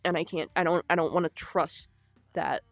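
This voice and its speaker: A young woman telling her own story in an unscripted vlog, halting and emotional, with frequent swearing. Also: lowish voice, fairly even intonation, no room sound, faint music behind. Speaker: vlogger.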